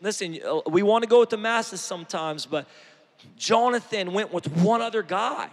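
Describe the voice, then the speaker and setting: A man preaching a sermon, fervent and emphatic, building to shouts. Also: sits high, normal speed, in a large hall.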